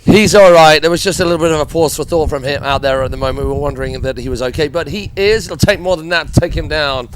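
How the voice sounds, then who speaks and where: A man's voice: on the high side, fairly even intonation, quick pace, few pauses, noisy background. A man co-commenting at an outdoor wakeboard contest, chatty and joking with his partner. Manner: jokey, chatty banter. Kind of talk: live sports commentary banter. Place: outdoor cable wakeboard park.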